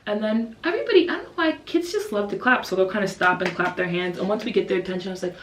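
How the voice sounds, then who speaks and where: A young woman in her twenties chats to camera, recorded on a camera's built-in mic in a room with plenty of echo. She talks at an ordinary middle pitch and keeps bursting into bright, high voices to act out her students. Casual and vlog-style throughout. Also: fast, a little hiss or hum. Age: 20s. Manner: animated, acts out kids and teachers in high voices. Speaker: English teacher and vlogger. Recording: roomy echo.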